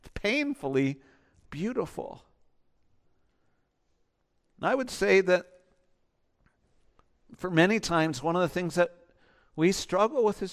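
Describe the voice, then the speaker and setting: High-voiced impassioned man preaching. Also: animated, slow pace, long pauses. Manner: impassioned, swings from loud urging to soft near-whispers. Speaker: pastor. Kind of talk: sermon.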